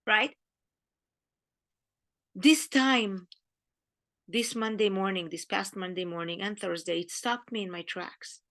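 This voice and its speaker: A woman's voice: mid-range voice, a little slow. A woman with an Israeli accent gives an earnest, grieving talk on the weekly Torah portion, speaking in short emphatic phrases. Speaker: Jewish teacher.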